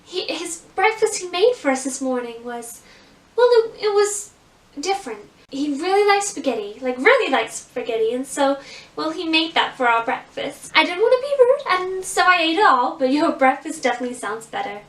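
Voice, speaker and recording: A woman voicing a sweet, dainty young princess with a very high, girly voice and an American accent. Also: very animated, moderate pace, fairly bright tone. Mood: sweet, bubbly. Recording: echoey room, mic at a distance.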